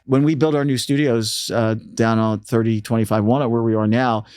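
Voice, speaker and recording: A man guesting on an interview, telling anecdotes in a casual, animated way and acting out the people he quotes. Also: mid-range voice, fairly quick, clear, resonant tone, no room sound, clean studio sound. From United States. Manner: animated storyteller, acts out quoted voices. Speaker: radio programming manager, interview guest.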